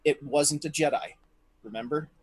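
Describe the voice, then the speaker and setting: A man co-hosts a gaming livestream in a casual chat. He rambles along, with many fillers. His speaking voice sits fairly high. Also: normal speed, crowd noise. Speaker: co-host.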